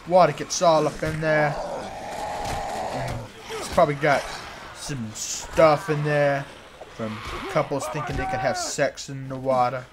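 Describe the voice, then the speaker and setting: A young man commentating a zombie game as he plays, joking around, humming along and yelling in panic when attacked. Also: a little high, steady tone, unhurried, crowd noise, noisy background. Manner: jokey, shouts and yelps in panic, hums along. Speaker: gamer. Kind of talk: let's play commentary.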